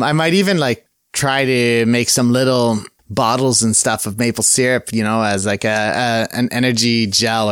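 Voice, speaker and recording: Male podcast host, mid-pitched, dry close sound, chatty, loose and upbeat, lots of self-corrections. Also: dry recording. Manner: rambling and upbeat, with many fillers and self-corrections. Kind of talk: casual solo podcast chat.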